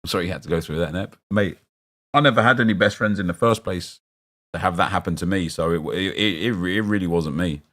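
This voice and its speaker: Reacting to picks while streaming a football game, a young man rambles casually and responds to his viewers' chat. He talks fast in a deep voice with a bit of brightness.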